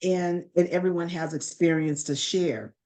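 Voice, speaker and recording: Low-pitched woman asking rambling questions. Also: fairly even intonation, normal speed, mellow. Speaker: interviewer. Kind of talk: webinar interview.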